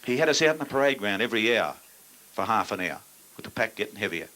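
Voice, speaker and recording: A man's voice: lowish voice, very animated, fast, pushed and bright. Blunt older Australian man telling jokes. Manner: blunt, crude storytelling with dry punchlines. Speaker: stand-up comedian. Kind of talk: stand-up comedy routine. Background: audience laughter.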